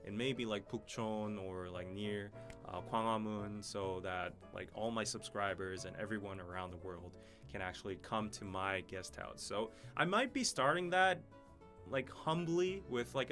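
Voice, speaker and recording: A man, hosting a relaxed live-stream Q&A and reading out viewer comments. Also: on the low side. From Korea. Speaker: podcast host.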